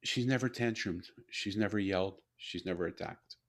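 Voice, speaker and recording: An older man telling a personal story in a conversational interview, animated and repeating words as he builds his point. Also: sits low, moderate pace. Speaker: guest, author and CEO.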